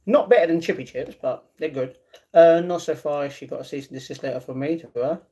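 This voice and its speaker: Young male streamer, casual and chatty, reads chat aloud, a touch higher than most men. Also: fairly quick, dark tone. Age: 20s. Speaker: livestreaming vlogger. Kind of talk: casual live-stream chat, reading comments.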